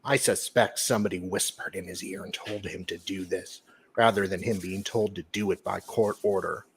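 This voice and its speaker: A man co-hosting a live stream, reading a news update aloud in a plain, measured way. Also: low voice, fairly even intonation, slight background noise. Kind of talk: reading a statement aloud, then casual chat.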